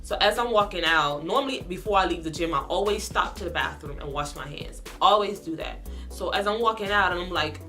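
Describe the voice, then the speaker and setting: Bright indignant woman telling a story. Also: lowish voice, normal speed, hardly any pauses, soft background music. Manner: animated, indignant retelling. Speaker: vlogger. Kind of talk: storytime vlog.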